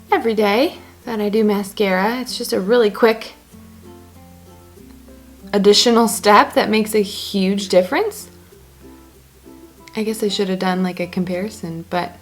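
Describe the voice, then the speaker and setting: A woman casually talking through her makeup routine step by step, chatty and joking as she goes. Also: medium pitch. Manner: chatty, self-narrating each step; joking asides. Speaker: beauty blogger.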